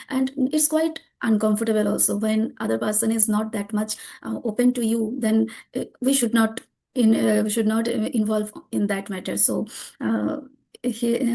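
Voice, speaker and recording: Indian woman, Bengali first language; soft, dark tone, a bit high, halting interview answers. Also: vocal fry. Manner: hesitant, frequent fillers and restarts. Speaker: guest learner. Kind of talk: conversational English practice interview.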